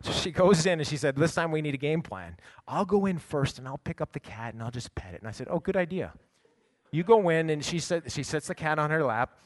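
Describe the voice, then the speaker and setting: A middle-aged man, a pastor, preaching a sermon and telling a personal story, swinging from quiet asides to loud bursts. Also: a little high, lively intonation, fairly quick.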